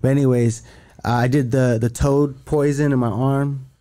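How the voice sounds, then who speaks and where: Rambling, profane man with a dark voice. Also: medium pitch, steady tone, normal speed. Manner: rambling, profane, many restarts. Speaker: podcast guest. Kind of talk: casual chat.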